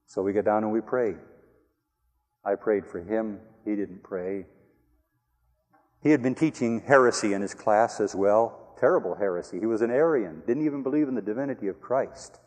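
An older man, a pastor, telling a story in an earnest, plain sermon style, going soft on reflective lines. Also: on the low side, animated, moderate pace, long pauses. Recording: long hall reverb.

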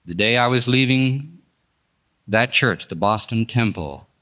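A man's voice: medium pitch, a little slow, pushed and bright. Earnest older man preaching a story sermon. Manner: earnest, folksy, rises and drops sharply for emphasis.

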